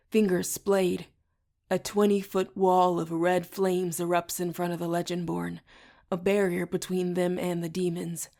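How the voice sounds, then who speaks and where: A woman narrating an audiobook in the first person with a steady, even reading. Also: on the low side, vocal fry. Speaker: audiobook reader.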